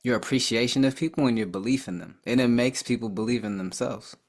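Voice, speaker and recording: A man hosting a podcast in casual conversation, relaxed, affirming his guest and asking curious questions. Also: mid-range voice, fast. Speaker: podcast host.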